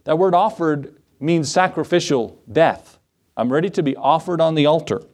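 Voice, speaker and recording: A man's voice: fairly high pitch, moderate pace, darkish tone. A man in the role of pastor, preaching a sermon in a church, conversational, with asides and questions to the congregation. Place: church sanctuary.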